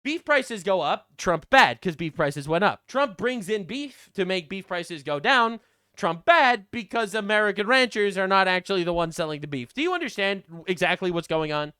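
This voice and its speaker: Sarcastic, bright-voiced male commentator. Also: moderate pace, few pauses, clear, resonant tone, no room sound, clean studio sound. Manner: sarcastic, mocking, swearing; animated, jumps between loud and low. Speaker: commentator reacting to clips. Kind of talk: reaction commentary.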